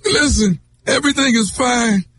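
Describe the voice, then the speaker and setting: A man's voice: very high-pitched, moderate pace, a bit bright, slight background noise. A man on a radio morning show making a prank call, mock-offended and teasing.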